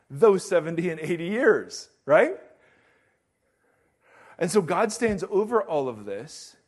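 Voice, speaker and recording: A man preaching a sermon with a high voice. He is animated and quick to joke with his congregation. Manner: animated, joking, reads scripture aloud. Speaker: pastor.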